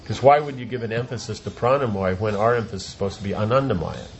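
A man's voice: lowish voice, fast talker, slight background noise. A man giving an informal religious talk as a teacher, rambling, repeating words and asking rhetorical questions. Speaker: spiritual teacher.

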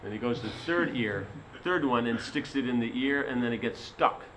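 A man's voice: medium pitch, normal speed, fairly bright tone, a little hiss or hum, poor audio. A man giving a sermon as a spiritual teacher, telling a story in a rambling way full of "you know".

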